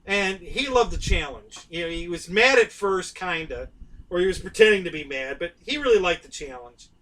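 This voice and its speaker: A man's voice: high-pitched, lively intonation, moderate pace, a bit bright, recorded from a distance, rough recording. A man hosting a live stream, telling a story in a rambling, chatty way full of fillers and restarts. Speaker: host of a live stream about model aircraft.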